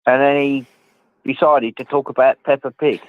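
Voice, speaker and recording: A man's voice: medium pitch, fairly even intonation, normal speed. Man chatting over a tinny phone line. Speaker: caller. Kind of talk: casual phone chat.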